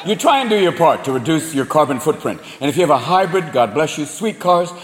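A man doing stand-up comedy, animated and profane, acting out voices before a live audience. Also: on the high side, fairly quick, background noise. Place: large venue with audience. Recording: echoey live venue, loud crowd laughter.

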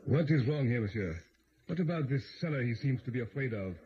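A man acts in an old 1940s radio drama as a pompous, self-important police inspector, brisk, impatient and commanding. He has a mid-range, natural-sounding voice and speaks animatedly and fairly quickly, over a dull, faintly hissing broadcast recording.

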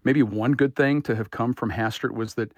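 A man's voice: mid-range voice, steady tone, normal speed, darkish tone, no echo. A man talking in a radio news interview as a politics editor, conversational and analytical in tone. The studio sound is very dry and close.

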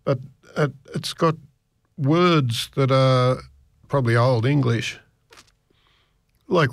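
Slow, gravelly-voiced male radio presenter. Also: medium pitch, no room sound, studio quality. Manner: slow, meandering, with many restarts. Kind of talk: casual rambling radio chat.

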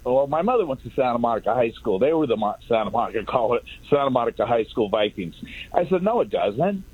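A man in his fifties from Southern California, calling in to a radio show and telling a long, halting story full of fillers and restarts. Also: mid-range voice, expressive, husky. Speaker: caller. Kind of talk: rambling call-in story. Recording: tinny phone line.

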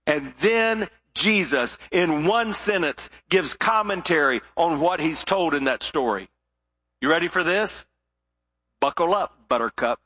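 Bright, high-voiced male preacher. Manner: expressive storytelling delivery with sudden drops to quiet emphasis. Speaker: pastor. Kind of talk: sermon.

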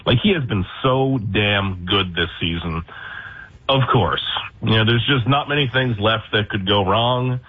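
Husky, lowish male guest, sarcastic and laid-back, calling in over a lo-fi line. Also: a little slow. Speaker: baseball beat reporter guest. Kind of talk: casual sports radio interview. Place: hotel room. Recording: dull lo-fi remote line.

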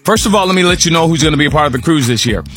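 Radio host guy, high bright voice, hyped promo energy, sing-song with numbers. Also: expressive, rapid-fire, soft background music. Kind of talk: upbeat promo read.

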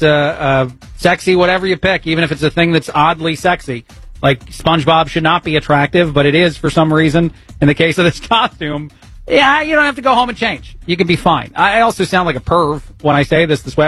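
Guy filling in on talk radio, kinda husky, a bit high, rambly and self-mocking, faint music under him. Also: a bit bright. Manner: chatty, rambling, self-mocking, laughs at his own jokes. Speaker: fill-in radio talk host. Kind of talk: casual talk radio monologue. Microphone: studio broadcast microphone.

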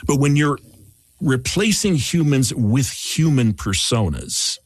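A man's voice: mid-range voice, expressive, takes it slowly, dry recording, studio quality. A man hosting a casual podcast chat, reflective and thinking aloud. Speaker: podcast host.

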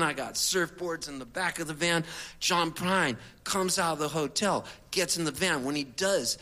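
Animated, bright-voiced male storyteller. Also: on the high side. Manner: animated, rambling, conversational. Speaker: singer-songwriter telling a story. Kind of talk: comic storytelling to an audience.

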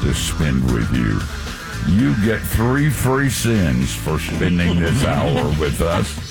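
A man's voice: low voice, big pitch swings, slow, gravelly, over loud music. A male talk show host closing the segment, joking with the guest.

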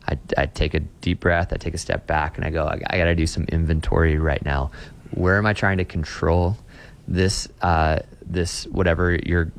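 Low-voiced young guy, pastor, earnest, kinda stumbles and repeats himself as he thinks it out. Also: gravelly. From Austin, Texas. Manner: earnest, reflective, with frequent restarts and repeated words. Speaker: pastor, interview guest. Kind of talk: conversational interview.

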